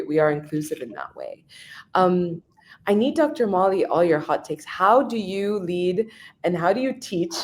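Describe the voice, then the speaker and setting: Low-voiced woman hosting a chatty interview. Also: a little mellow. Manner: chatty, many fillers, eager questions. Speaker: host interviewer. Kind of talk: conversational interview.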